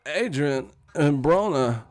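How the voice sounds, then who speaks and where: Boxer hosting a livestream, easy and slow, swearing and laughing, faint music behind. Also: male voice, fairly high pitch, expressive, dry recording. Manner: rambling, profane, laughs often. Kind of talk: casual livestream chat.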